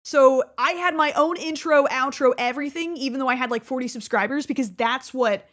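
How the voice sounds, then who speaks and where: A woman's voice: high-pitched, a bit bright. A woman, chatting casually and mocking herself as a gaming creator looking back on her early videos. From Texas. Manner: chatty, many fillers and quick self-mocking asides. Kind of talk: casual reflective chat.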